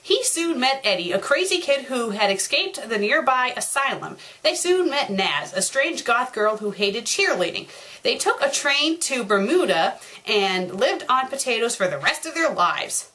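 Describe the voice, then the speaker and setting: Animated woman reading with sarcastic asides. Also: fairly high pitch, moderate pace. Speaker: fanfiction critic. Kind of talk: comedic reading with commentary.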